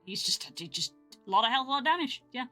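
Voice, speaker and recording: A woman streaming, chatting casually as she opens trading cards, breaking into excited exclamations. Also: on the high side, quick pace, soft background music. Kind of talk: casual live-stream card-opening commentary.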